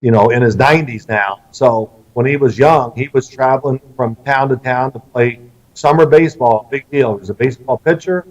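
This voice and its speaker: A middle-aged man from Kentucky, an interview guest telling lively family stories and acting out the lines of the people in them. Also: mid-range voice, normal speed. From Louisville, Kentucky, US. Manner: animated storyteller who acts out quoted lines. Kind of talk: storytelling interview. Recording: slightly distant, dull lo-fi sound.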